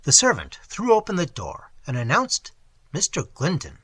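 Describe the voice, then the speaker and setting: A man reading a novel aloud as an audiobook, in measured and expressive scripted narration. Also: a little high, slightly rough, no echo. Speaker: audiobook reader.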